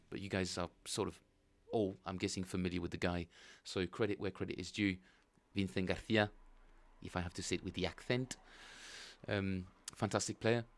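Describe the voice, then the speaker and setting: Male streamer, slightly low voice, loose rambling chat with viewers. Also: creaky. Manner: rambling, thinking aloud, chatting with viewers. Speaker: bass player streaming practice. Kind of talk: casual livestream chat.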